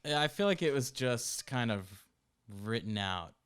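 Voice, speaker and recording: A man's voice: medium pitch, expressive, moderate pace, a bit bright, smooth. A man co-hosting a movie podcast, rambling casually and restarting his sentences. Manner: rambling, many fillers and restarts. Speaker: podcast co-host. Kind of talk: casual chat.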